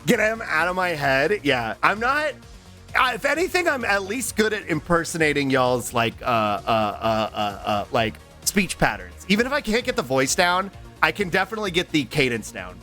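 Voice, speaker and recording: A young man streaming, chatting casually to his viewers, rambling and swearing as he slips into quick voice impressions. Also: a little high, sing-song, bright, forceful tone, soft background music. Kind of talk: casual livestream chat.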